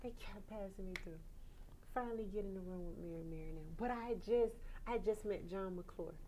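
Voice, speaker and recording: A woman guest singer telling a story in a conversation, lively and animated, laughing often and acting out what people said. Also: medium pitch, fairly quick, slight background noise, rough recording.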